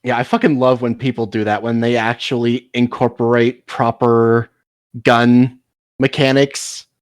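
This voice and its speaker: A man's voice: medium pitch, level tone, a little slow, no echo. A man in casual chat as a podcast co-host, laughing often and trailing off into repeated words.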